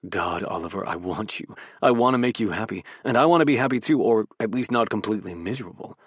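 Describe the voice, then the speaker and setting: A man voicing a low, hushed lover. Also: fast talker, slightly rough, no room sound. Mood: tender. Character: gruff, tender adult male footballer lover. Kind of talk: audiobook character voice.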